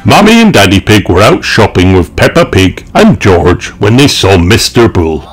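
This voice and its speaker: A man reading a children's picture book aloud in a slow, expressive, sing-song manner. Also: lowish voice, slightly rough, faint music behind. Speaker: storyteller.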